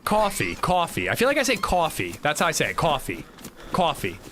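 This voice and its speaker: A man's voice: fairly high pitch, huge pitch swings, fairly quick, music in the background. A man streaming a game, chatting casually and rambling in a self-mocking way. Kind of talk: casual chat while gaming.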